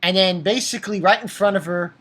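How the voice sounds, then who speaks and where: A woman's voice: medium pitch, fairly quick, fairly bright tone. A young woman giving a casual, rambling recap and review of an anime episode, full of restarts and the odd swear.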